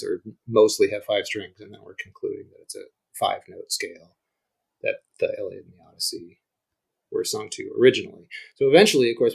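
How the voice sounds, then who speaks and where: A gravelly, lowish male voice with a breathy edge comes through poor audio. He's a middle-aged guest scholar explaining ancient music conversationally, reasoning aloud with many restarts and guitar demonstrations.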